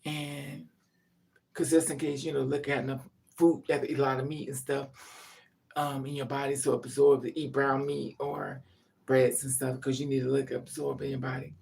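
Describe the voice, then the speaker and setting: A woman's voice: very deep voice, level tone, moderate pace, gravelly, a little mellow. A woman vlogger telling a rambling, profane story in casual chat to her viewers.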